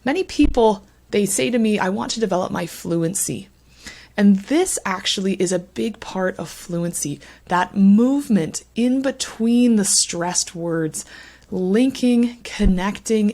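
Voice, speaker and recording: A woman teaching an English pronunciation lesson, speaking clearly and deliberately, with strong emphasis on the words she models. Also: medium pitch, darkish tone.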